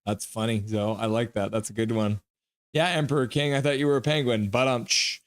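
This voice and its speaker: A man hosting a casual live stream, talking steadily at an everyday middle pitch. He reads viewer comments aloud and tosses back teasing remarks, thanking people by name in a loose, chatty way. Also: fairly even intonation, fairly quick. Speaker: livestream host.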